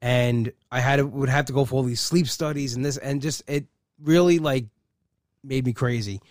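A man in his forties hosting a podcast, chatting casually from a studio and rambling with many halting restarts. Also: mid-range voice, a little mellow, dry recording. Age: 40s. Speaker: podcast host. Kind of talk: casual chat.

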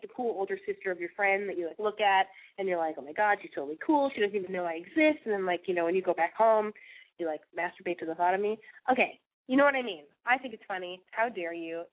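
A young woman hosting a call-in podcast, rambling in a brash, profane way, sniffly and nasal from a cold. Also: mid-range voice. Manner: crude, rambling, lots of "like" and swearing. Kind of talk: brash confessional monologue. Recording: tinny phone-like audio.

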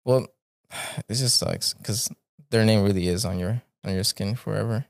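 A man's voice: lowish voice, moderate pace, gravelly, no room sound. A man hosting a podcast, reading stories aloud in a laid-back, casual way and swearing freely.

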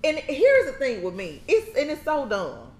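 A woman hosting a casual chat, talking animatedly, laughing often and acting out quotes in a high voice. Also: huge pitch swings, normal speed, darkish tone. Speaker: podcast host. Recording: echoey room with faint noise.

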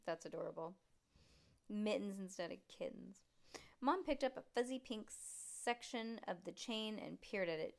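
A woman reading a children's book aloud at home, voicing the characters in a lively way and stopping to chat and laugh with a child. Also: medium pitch, normal speed, vocal fry. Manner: lively, voices the characters, chats and laughs between passages. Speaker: reader.

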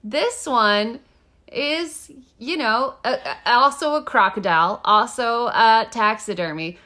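A woman co-hosting a podcast in loose, giggly chat, full of "like" and "um". Her voice sits fairly high and sounds bright and clear. She talks slowly and lingers over her words. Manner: giggly, gushing, filler-heavy. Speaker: podcast co-host. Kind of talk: casual chat, reading quotes aloud.

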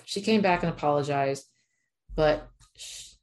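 A woman with a low, deep speaking voice tells a personal story straight to the listener. She talks in an emphatic, chatty way, leaning on fillers like "like" and pressing hard on her points. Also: a little slow, darkish tone. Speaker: animal communicator. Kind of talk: casual storytelling monologue.

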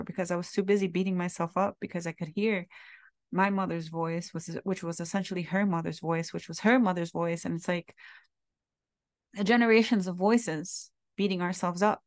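Female podcast host, low gravelly voice, candid and confessional, dry close sound. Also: steady tone, normal speed, no room sound. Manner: heartfelt and confessional, casual swearing. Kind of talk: candid reflective monologue.

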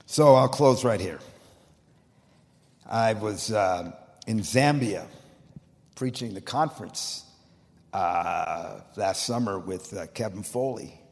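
A man preaching as pastor of a church, telling a story with emphasis and swinging between loud and quiet delivery. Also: lowish voice, takes it slowly, creaky, long pauses. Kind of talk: sermon. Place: church sanctuary. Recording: long reverb of a large church hall.

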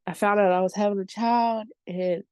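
A woman's voice: medium pitch, steady tone, moderate pace, a little mellow, clean tone, no room sound. A woman, telling a personal story candidly and emotionally, often saying "like". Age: late 20s. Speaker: podcast guest sharing her story.

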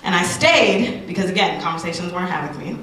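A woman in her thirties, a radio personality, giving a candid personal testimony talk to an audience, animated and full of asides. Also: on the low side, fast, heavy reverb, far from the mic, rough recording.

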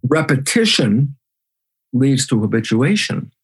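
A man's voice: mid-range voice, very animated, a little slow, slightly rough. A man being interviewed as a guest biologist, talking emphatically and animatedly. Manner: emphatic, acts out his own side of conversations.

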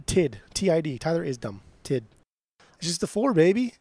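A man's voice: fairly high pitch, moderate pace, dry recording. A man co-hosting a podcast in casual chat, ranting in mock outrage and swearing as he ribs his friend. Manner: mock-outraged, swears a lot, animated ribbing. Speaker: podcast co-host.

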